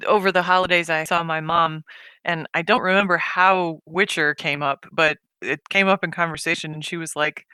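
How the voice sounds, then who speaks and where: Podcast guy chatting loosely, acts out little quotes, clean crisp voice with no room sound. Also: a little high, moderate pace, no echo. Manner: rambling, animated storytelling with quoted voices. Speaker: podcast co-host. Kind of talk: casual chat.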